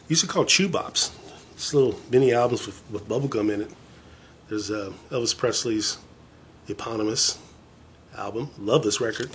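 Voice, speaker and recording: A man's voice: fairly low pitch, a little hiss or hum. A man chatting casually to camera as a vlogger, rambling and enthusiastic with a self-deprecating streak. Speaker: vlogger showing his record collection.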